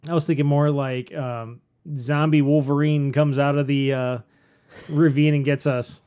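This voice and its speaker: A man's voice: a little high, little pitch movement, unhurried, darkish tone, clear, resonant tone. A man co-hosting a casual podcast, talking in rambling, jokey asides. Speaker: podcast co-host. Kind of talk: casual chat.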